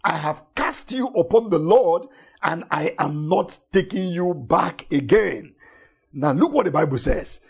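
A man preaches with a husky, slightly rough voice. His pitch swings widely as he repeats key words and moves between loud emphasis and hushed, tender passages. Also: animated, unhurried. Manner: emphatic, repetitive, swings from shouting to soft intimate tones. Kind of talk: sermon.

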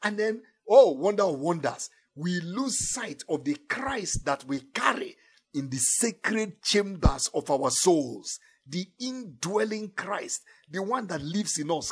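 A man preaching a sermon, emphatic, dropping to low murmurs and rising to raised declarations, stretching key phrases slowly. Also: big pitch swings, husky.

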